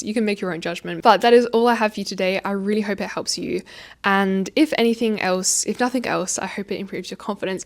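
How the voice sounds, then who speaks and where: A young woman hosting her own podcast at home, talking fast and expressively with frequent laughs and a slight stutter now and then. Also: mid-range voice. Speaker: podcast host. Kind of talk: casual advice monologue. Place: home, indoors. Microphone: facing own camera.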